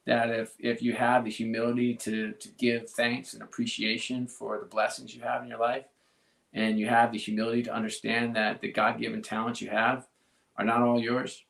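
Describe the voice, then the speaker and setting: A middle-aged man speaking candidly as an interview guest, earnest and halting, often restarting his sentences. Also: medium pitch, vocal fry, fairly bright tone, echoey room. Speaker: sports team executive, guest.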